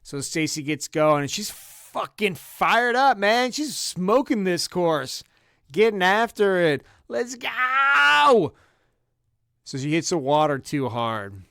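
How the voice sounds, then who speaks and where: A man telling a comedic story on a podcast, profane and animated, with sudden loud bursts. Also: fairly high pitch, a little slow, smooth, no room sound, clean studio sound. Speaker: podcast co-host.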